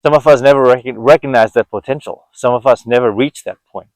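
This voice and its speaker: A man's voice: mid-range voice, brisk, dry recording, poor audio. A man in his forties giving an earnest, reflective walk-and-talk monologue outdoors, often restarting his sentences. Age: 40s. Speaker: vlogger.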